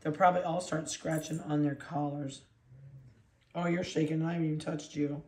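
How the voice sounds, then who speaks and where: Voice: mid-range voice, flat delivery, moderate pace, a little mellow. A dog breeder chatting casually while handling puppies and cooing at them in baby talk. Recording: roomy echo.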